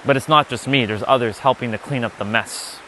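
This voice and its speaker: A man's voice: medium pitch, a little fast, pushed and bright, a little hiss or hum. A man giving an unscripted spiritual lesson, blunt and emphatic, often swearing. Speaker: spiritual teacher.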